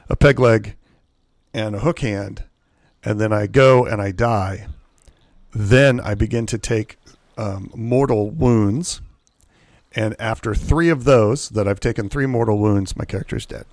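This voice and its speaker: There's no echo on this lowish male voice as he streams a pirate game live. His casual commentary rambles through his rules with self-corrections, plus muttered asides under his breath during play.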